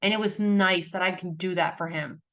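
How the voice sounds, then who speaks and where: A woman's voice: lowish voice, steady tone, moderate pace, a bit bright. A woman, likely in her thirties, a podcast guest talking earnestly and animatedly in casual conversation.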